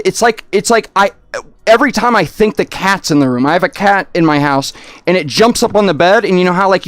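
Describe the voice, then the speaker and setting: A man's voice: sits high, dry recording. Rambling young man streamer, dry close mic. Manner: halting, full of restarts and "like", swearing. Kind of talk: rambling livestream storytelling.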